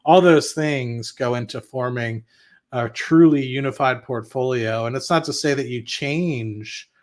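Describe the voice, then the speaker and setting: A man's voice: mid-range voice, measured pace. A man hosting an investing stream, talking casually and bluntly, with swearing and restarts, and answering viewer chat. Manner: rambling and blunt, with frequent profanity and restarts. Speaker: investing channel host. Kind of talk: casual livestream talk reading viewer chat.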